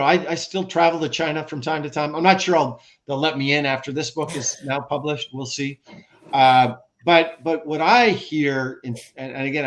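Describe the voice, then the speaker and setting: An American man, a former ambassador, giving an animated, conversational expert talk with rhetorical questions and frequent restarts, over a video call. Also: medium pitch.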